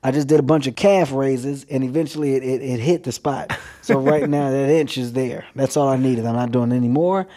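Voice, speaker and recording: A male comedian being interviewed, brash and playful, landing jokes with confidence. His voice is mellow and warm at an ordinary pitch. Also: fairly even intonation, brisk, hardly any pauses. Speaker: comedian guest.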